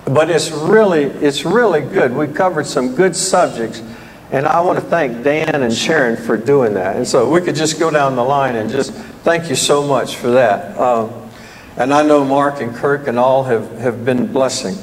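Older Southern preacher in a reverberant hall. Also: male voice, medium pitch, moderate pace, slight background noise. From American South. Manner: rambling, folksy, self-deprecating. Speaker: guest preacher. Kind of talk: sermon opening remarks. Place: church hall.

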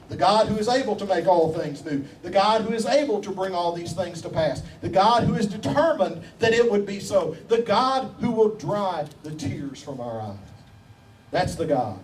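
A man's voice: fairly high pitch, a little mellow. A man preaching a sermon in a church with emphatic rhetorical questions, repetition and folksy humor. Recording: distant mic with faint background noise.

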